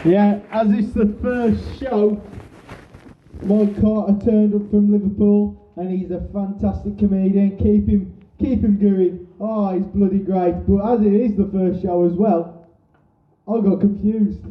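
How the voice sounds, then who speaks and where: High, slow-talking comedy night host. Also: male voice, level tone, a little hiss or hum. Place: small comedy club. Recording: tinny, echoey, distant club recording.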